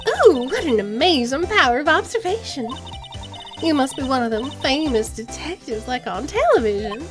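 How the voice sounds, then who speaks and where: A woman's voice: sits high, sing-song, moderate pace, a bit bright, soft background music. A woman putting on a coy Southern belle. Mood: coy teasing. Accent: put-on American Southern. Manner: teasing, coy, drawling.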